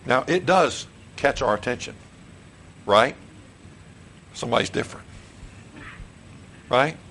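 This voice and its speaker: A man's voice: medium pitch, animated, slow, vocal fry, fairly bright tone, breathy edge, low-quality recording. A middle-aged man, a pastor preaching a sermon in a church, who repeats questions to the congregation and restarts his phrases. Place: church sanctuary.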